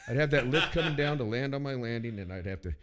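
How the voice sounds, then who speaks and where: A man's voice: mid-range voice, lively intonation, fast, fairly bright tone. A man co-hosting a casual talk show, telling long rambling stories full of swearing and acted-out quotes. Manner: rambling, profane, acts out quoted people. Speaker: podcast co-host. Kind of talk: casual storytelling chat.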